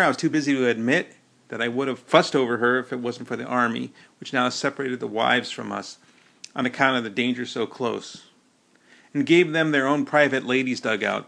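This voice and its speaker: A man's voice: medium pitch, gravelly, fairly bright tone. A man narrating a first-person novel as an audiobook, telling the story in a folksy, wry way.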